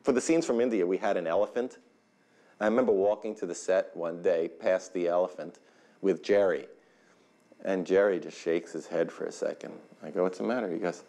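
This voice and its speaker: Really deep-voiced guy, dry delivery, telling a story. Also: moderate pace, a little mellow. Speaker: actor interviewed about a sitcom. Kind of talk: casual interview anecdote.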